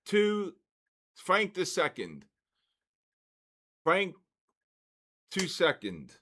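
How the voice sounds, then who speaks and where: A man hosting a trading live stream, calling out giveaway winners in a drawn-out, repetitive way. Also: high-pitched, wildly swooping pitch, pushed and bright.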